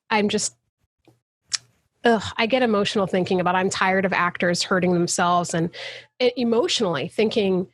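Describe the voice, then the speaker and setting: A guest actor with a medium-pitched voice speaks passionately and emphatically in a casual video-call interview, slipping into soapbox ranting. There's no room sound.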